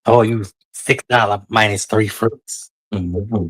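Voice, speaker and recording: Brief: sassy male streamer, slow drawl, dry close sound, casual banter. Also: fairly low pitch, steady tone, husky, dry recording. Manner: sassy, drawling, calls listeners honey and child. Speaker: livestream host. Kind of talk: casual livestream chat.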